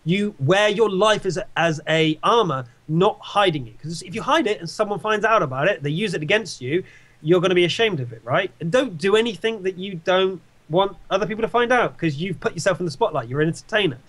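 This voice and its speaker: A man's voice: high voice, fairly quick. A young man giving casual advice and telling stories in an interview, emphatic and repetitive. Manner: animated, emphatic, repeats himself. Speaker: interviewee, game caster.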